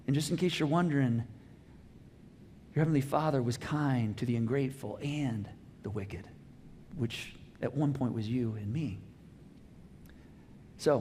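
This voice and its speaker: A middle-aged man preaching a sermon, telling a story with lively acted-out dialogue in a church auditorium. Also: a little high. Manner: animated storytelling, acts out dialogue. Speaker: pastor. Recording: long hall reverb.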